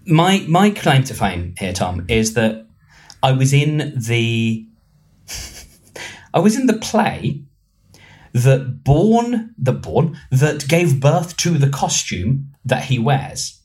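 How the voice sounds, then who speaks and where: A man's voice: mid-range voice, big pitch swings, slow pace, darkish tone. A man hosting a casual podcast chat, rambling and self-mocking, with many ums and restarts. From England. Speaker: podcast host.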